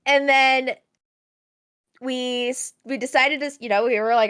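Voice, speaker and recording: High-voiced woman telling a story at length. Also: a little slow, a bit bright. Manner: chatty, rambling, laughs easily. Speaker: podcast co-host. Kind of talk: casual storytelling chat.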